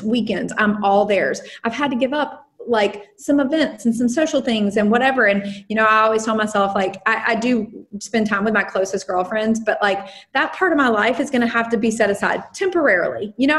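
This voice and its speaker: A woman in her thirties who runs a design business, talking casually in an interview with many fillers and restarts. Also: a little high. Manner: rambling, frequent fillers and restarts. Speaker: design firm owner.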